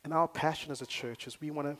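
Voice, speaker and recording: A man preaching a sermon in a church, telling stories with energy and rising to loud emphasis. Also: fairly high pitch, steady tone, fast talker. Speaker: pastor. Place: church in Nairobi.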